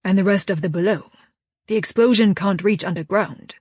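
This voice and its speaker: Gruff stubborn dwarf boss, curt and grumbling, read by a woman, husky tone, dry audiobook sound. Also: mid-range voice, moderate pace, a little mellow, no echo, natural voice.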